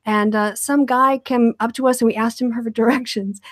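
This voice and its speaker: An American woman hosting a casual video call chat, bubbly and quick to laugh as she tells stories. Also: fairly high pitch, fairly even intonation, dry recording, studio quality. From United States. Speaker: host.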